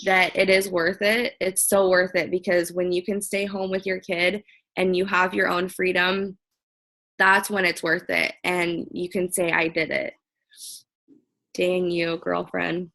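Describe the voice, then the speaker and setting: A woman's voice: on the low side, little pitch movement, measured pace, a bit bright, rough recording. A young woman on a video call, chatting earnestly and casually with lots of fillers, encouraging her team. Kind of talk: casual motivational chat.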